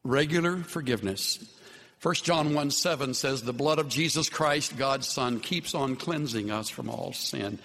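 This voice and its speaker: Slow, earnest male preacher in a reverberant hall. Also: mid-range voice, gravelly. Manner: slow, earnest preaching with soft, tender dips. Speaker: pastor. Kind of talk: sermon.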